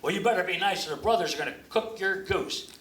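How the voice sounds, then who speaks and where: A man's voice: high-pitched, fast, a bit bright. A man in his seventies, a ventriloquist comedian, playing the scolding straight man and telling folksy stories in a stand-up act. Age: 70s. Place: comedy club stage. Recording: echoey club, far from the mic, audience noise. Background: audience noise.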